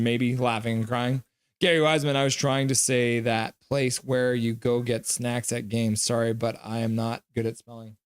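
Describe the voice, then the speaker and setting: A man's voice: medium pitch, clean tone. Male streamer, casual live reaction host, reads viewer comments and calls the action loosely. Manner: reads viewer chat aloud by name, mixed with loose play-by-play.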